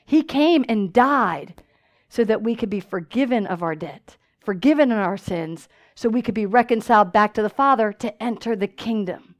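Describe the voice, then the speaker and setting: A woman preaching a sermon in a church, telling stories with lively call-and-response asides. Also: fairly high pitch.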